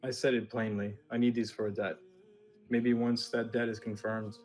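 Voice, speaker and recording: A man's voice: on the low side, flat delivery, normal speed, a little mellow. A man playing his character in a tabletop game, speaking steadily and plainly. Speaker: player.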